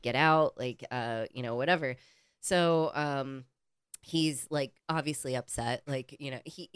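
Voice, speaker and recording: A woman with a low voice speaks close to the mic in a dry, deadened space. Her tone is smooth and clear. She tells a story in casual, animated chat, swearing freely. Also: a little slow, no echo. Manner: animated, profane, acts out quoted people. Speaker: podcast co-host.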